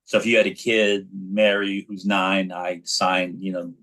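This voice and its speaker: The speaker is a man, low-pitched and a little slow, in his forties and from New York. Guesting on a casual interview, this actor and children's author tells his stories animatedly, with frequent restarts.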